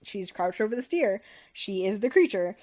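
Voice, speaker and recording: A woman's voice: mid-range voice, expressive, normal speed, darkish tone. A young woman hosting a book podcast, recapping the story in a loose, profane, filler-heavy chat. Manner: rambling and profane, with many fillers like "like" and "um". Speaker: podcast host recapping a novel. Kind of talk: casual chat.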